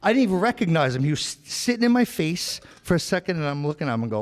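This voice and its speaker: A man's voice: fairly high pitch, very animated, fast talker, few pauses. A man with a New York accent telling rambling, profane stories as a podcast host, tossing in "right?" and "bro" constantly. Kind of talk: casual chat. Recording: long hall reverb.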